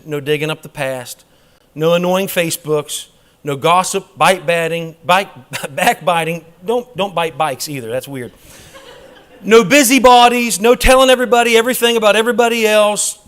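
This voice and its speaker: A man teaching a church Bible class in a preaching style, emphatic and dropping quick humorous asides. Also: a little high, fairly bright tone.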